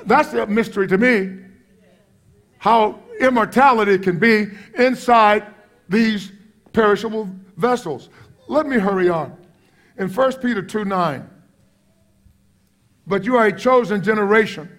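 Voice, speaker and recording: Middle-aged pastor, high and impassioned, quiet asides breaking into loud exclamations. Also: male voice, unhurried. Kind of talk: sermon.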